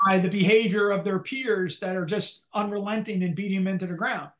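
High-voiced older man, rambling professor. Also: fairly even intonation, a little fast, fairly bright tone. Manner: rambling, many restarts and fillers, occasional laughs. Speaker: economics professor, interview guest. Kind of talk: conversational interview.

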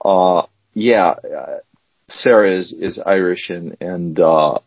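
A man's voice: low voice, takes it slowly, no echo. A man co-hosting a podcast, chatting casually and rambling with fillers and restarts. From United States. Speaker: podcast co-host. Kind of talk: casual chat. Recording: dry, dull lo-fi sound.

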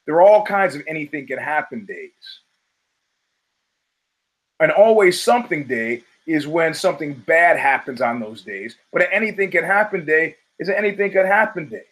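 Animated and fairly high-pitched, a middle-aged man hosts a podcast at a moderate pace, his tone a bit bright. He rambles through profane tales with many restarts, captured on a rough recording.

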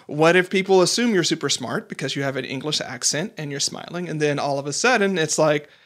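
Man, podcast host, fairly high voice, reflective, casual chat, acts out quotes. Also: fairly quick, fairly bright tone. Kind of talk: casual conversational interview.

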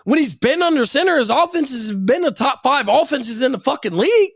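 Angry high-voiced man ranting about football. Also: lively intonation, brisk, creaky, no room sound, studio quality. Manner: angry, profane, shouting at times. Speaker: sports podcast host. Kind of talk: profane sports rant.

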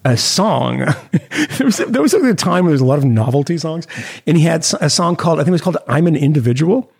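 A man co-hosting a podcast, talking in a rambling, animated way full of restarts and fillers. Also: on the high side, fast talker, gravelly, breathy edge. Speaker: podcast co-host. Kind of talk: casual chat.

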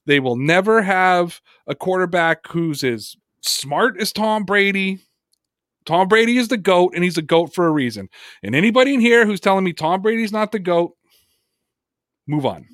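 A man's voice: high-pitched, expressive, normal speed, a bit bright, no room sound, studio quality. A man co-hosting a sports podcast, talking casually and emphatically, repeating words for effect. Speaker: podcast co-host.

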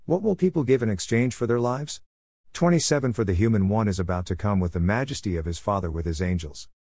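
Low-voiced man reading scripture, dry. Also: a little mellow, dry recording. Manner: measured reading that announces each verse number. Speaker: Bible reader.

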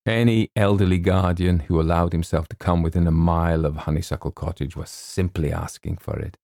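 A man reading a comic short story aloud in a measured, wry storytelling manner. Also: deep voice, steady tone, vocal fry, warm tone, dry recording, clean studio sound. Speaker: audiobook reader. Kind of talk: scripted narration.

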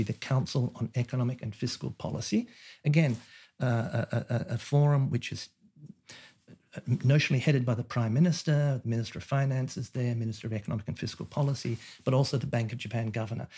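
This man speaks at medium pitch with a dark, husky tone. He's an economist being interviewed on a podcast, explaining his thinking in a reflective, conversational way with plenty of fillers and restarts.

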